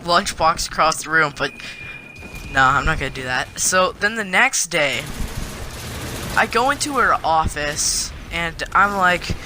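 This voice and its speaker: A male vlogger telling a story to the camera in an animated, indignant way. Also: on the high side, unhurried, slight background noise.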